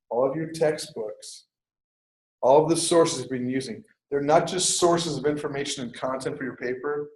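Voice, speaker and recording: A man teaching a writing workshop in a classroom, lecturing in a lively, conversational way with jokey asides. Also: a little high, roomy sound, poor audio. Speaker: writing instructor.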